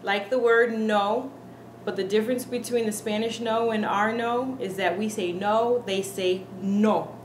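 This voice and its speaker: A woman's voice: medium pitch, steady tone. Woman teaching vowels in an echoey room. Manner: earnest, repeats words slowly to demonstrate. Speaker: Spanish pronunciation teacher. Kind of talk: casual video lesson. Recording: echoey room with faint background hiss.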